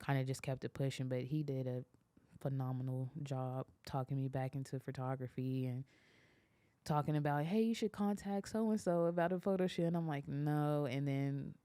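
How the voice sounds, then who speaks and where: Low-voiced young woman telling lively stories. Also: moderate pace, smooth, no room sound. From Kansas, US. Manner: animated storyteller, laughs often, acts out quotes. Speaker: photographer and business owner, guest. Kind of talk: casual podcast conversation.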